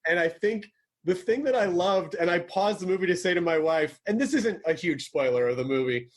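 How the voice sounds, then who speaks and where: A man hosting a podcast in casual chat, chatty and quick to laugh. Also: high voice, expressive. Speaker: podcast host.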